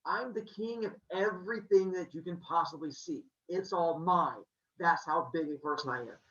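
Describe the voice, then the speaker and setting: A man's voice: on the high side, moderate pace, fairly bright tone, muffled recording, lightly acted. A man voicing a boastful, lecherous male king god who talks in a smug, creepily flirtatious way.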